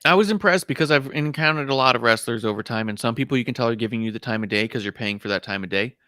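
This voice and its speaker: A man co-hosting a casual wrestling podcast, telling stories in an animated way and acting out the voices of people he quotes. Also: mid-range voice, racing, no room sound, clean studio sound. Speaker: podcast co-host. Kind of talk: casual chat.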